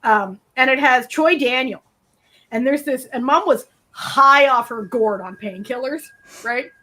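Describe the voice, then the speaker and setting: Lively high-voiced woman chatting animatedly. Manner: animated storyteller, laughs often, quick asides. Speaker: co-host of a colouring stream. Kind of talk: casual chat. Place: at home, dryer running nearby.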